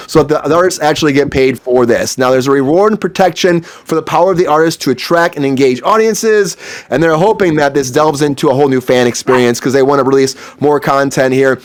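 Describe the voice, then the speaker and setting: Chatty man hosting an entertainment news show. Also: a little high. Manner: rambling, chatty, repeats himself. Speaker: host. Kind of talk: casual entertainment news commentary.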